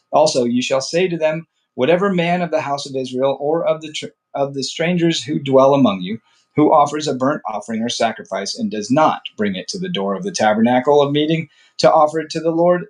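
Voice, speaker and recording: Guy reading bible passages out loud, steady, trips on words sometimes and restarts, chats a bit in between. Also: medium pitch. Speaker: Bible reader. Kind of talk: reading scripture aloud with casual asides.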